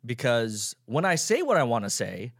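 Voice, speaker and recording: A man's voice: medium pitch, sing-song, moderate pace, no echo. A young man hosts his own podcast, talking in a casual, sarcastic and profane way. His voice sits in an ordinary middle range. It is recorded close and dry, with hardly any room sound. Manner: profane, sarcastic, jumps between loud mock outrage and mumbling asides. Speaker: podcast host. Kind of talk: casual solo podcast rant.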